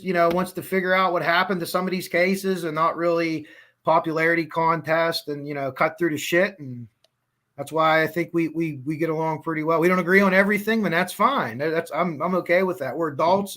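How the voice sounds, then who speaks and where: This is a man with a Pittsburgh accent hosting a casual podcast over a video call. His voice sits high and bright. He rambles in a friendly way, restarts his sentences and laughs easily. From western Pennsylvania. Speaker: podcast host. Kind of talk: casual livestream chat.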